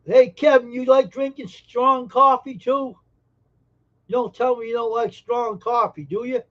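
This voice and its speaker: A man's voice: very high-pitched, little pitch movement, unhurried, fairly bright tone, dull audio. A man hosting a casual live stream, joking brashly and teasing viewers in chat. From Massachusetts.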